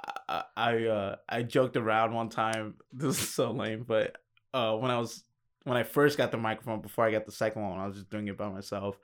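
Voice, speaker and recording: A man hosting a casual podcast chat, relaxed and jokey, laughing easily. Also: on the low side, fairly quick. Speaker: podcast host.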